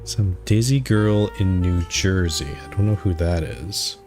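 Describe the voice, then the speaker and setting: Male streamer thinking aloud through a puzzle, lowish pitch, reads on-screen text aloud. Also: unhurried, darkish tone, faint music behind. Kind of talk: let's play commentary.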